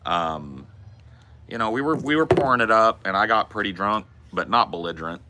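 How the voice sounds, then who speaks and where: A man's voice: fairly low pitch, lively intonation, moderate pace, background noise. A man hosting a podcast, telling a loose, profane, rambling story in casual chat. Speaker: podcast host.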